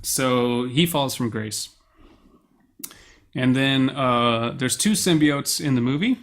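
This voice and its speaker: A young man co-hosting a podcast, chatting casually and excitedly, rambling and swearing freely. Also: mid-range voice, slow. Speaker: podcast co-host. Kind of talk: casual chat.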